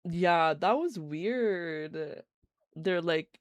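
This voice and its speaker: A woman's voice: fairly low pitch, expressive, measured pace, no echo, studio quality. A woman streamer giving casual, giggly commentary on a life-simulation game while she plays live. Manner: chatty, giggly, reacts to gameplay. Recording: faint game music behind.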